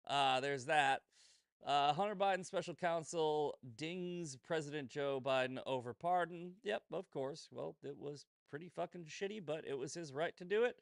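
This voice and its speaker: A man's voice: on the high side, moderate pace, vocal fry, no room sound, studio quality. A man hosting a casual commentary show, swearing freely, sarcastic, often breaking into laughter. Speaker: host.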